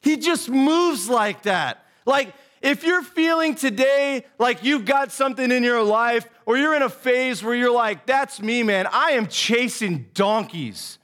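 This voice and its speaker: A man's voice: very high-pitched, measured pace, few pauses. A man in his thirties, an associate pastor giving a casual, earnest sermon full of folksy stories, saying "man" over and over. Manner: folksy storytelling, says "man" and "dude" constantly; animated and earnest.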